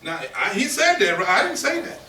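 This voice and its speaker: A man preaching a sermon in call-and-response style, emphatic and lively. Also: high-pitched, a little fast. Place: temple meeting hall. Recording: roomy, distant audience recording with faint noise.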